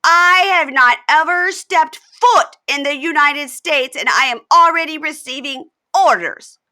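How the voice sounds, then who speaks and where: A woman putting on an impression of a furious, tearful reality-TV bride who turns shrill and shouts. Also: animated, takes it slowly, heavily acted. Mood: angry, wailing. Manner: shrill, swings from sweet to screaming.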